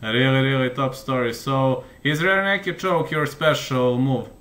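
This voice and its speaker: A man interviewing a fighter, asking brief, measured questions. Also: mid-range voice, background noise.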